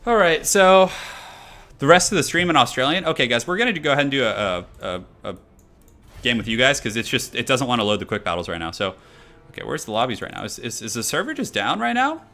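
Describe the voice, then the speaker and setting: A man's voice: mid-range voice, sing-song, quick pace, sharp tone, soft background music. A young man casually commenting on his live game stream, chatting loosely and answering chat as he goes. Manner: chatty, reads chat aloud, many fillers.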